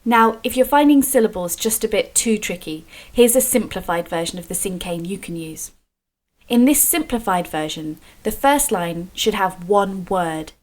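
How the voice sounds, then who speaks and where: A woman's voice: mid-range voice, animated. Encouraging woman teaching kids poetry. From Scotland. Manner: slow, clear, encouraging explanations. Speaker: creative writing teacher. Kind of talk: friendly video workshop for children.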